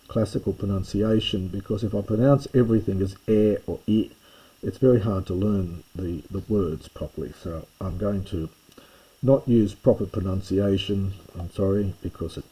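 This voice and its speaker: A man teaching Greek pronunciation in a recorded lesson. His voice is very dark and a little husky. He explains loosely, stops to correct himself and restarts his sentences. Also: on the low side, moderate pace, low-quality recording.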